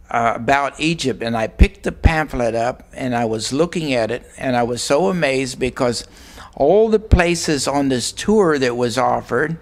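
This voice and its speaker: An older man from Arizona, telling a personal story in a plain, unhurried way with frequent pauses. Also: mid-range voice. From Arizona, USA. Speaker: guest recounting a personal experience. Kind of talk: storytelling monologue.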